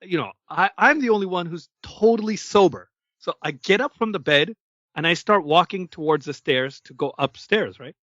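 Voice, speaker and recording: A man from Canada co-hosting a podcast, telling a story casually and acting out the quotes with lively energy. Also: fairly high pitch, normal speed, no echo, dull audio. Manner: animated storyteller who acts out quotes. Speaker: podcast co-host.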